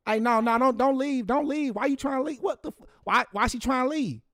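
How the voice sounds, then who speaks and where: A man's voice: very high-pitched, brisk, bright, forceful tone, exaggerated voice. A man playing a hot-tempered, foul-mouthed caller who stammers and rants on a prank call. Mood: furious. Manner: stammering, profane, ranting.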